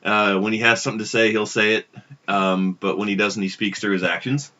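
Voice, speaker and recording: A man's voice: on the low side, flat delivery, a little fast, bright, forceful tone. A man co-hosting a casual podcast, telling a long story in a rambling way with frequent restarts. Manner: rambling, self-interrupting storyteller. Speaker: podcast co-host. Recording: dull lo-fi podcast audio.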